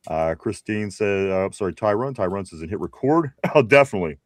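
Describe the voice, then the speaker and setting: A man's voice: fairly low pitch, lively intonation, brisk, dry recording, clean studio sound. A man with a Pittsburgh accent hosting a casual live stream, reading viewer comments aloud with frequent laughs. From Pittsburgh area. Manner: laid-back, laughs often, reads chat messages aloud. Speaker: podcast host.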